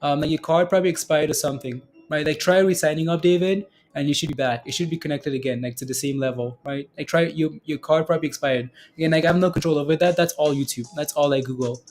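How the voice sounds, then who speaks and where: A man's voice: on the high side, steady tone, fast talker, hardly any pauses, darkish tone. A man hosting a live stock trading stream, chatting casually with viewers, often laughing and repeating himself. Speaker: stock trading livestream host.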